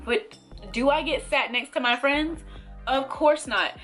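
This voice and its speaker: A young woman vlogger telling a storytime to camera in a casual, animated way, acting out the voices of the people in it. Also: sits high, a little slow, faint music behind. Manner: animated, acts out quoted voices, laughs between lines. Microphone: camera mic.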